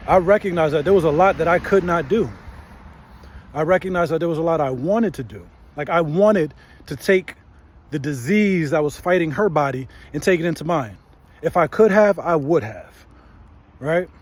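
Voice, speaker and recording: A man's voice: fairly high pitch, a little mellow. A man in his thirties hosting a faith channel, giving a casual motivational talk and often tagging his lines with "right?". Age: 30s.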